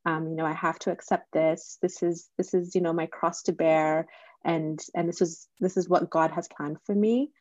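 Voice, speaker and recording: A woman host with a lowish voice works her way slowly toward a question, pausing on fillers. Her audio is dull and lo-fi, and it is dry with no room sound. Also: steady tone, a little mellow, dry recording. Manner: thoughtful, winds into long questions with fillers. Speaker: podcast host. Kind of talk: conversational discussion.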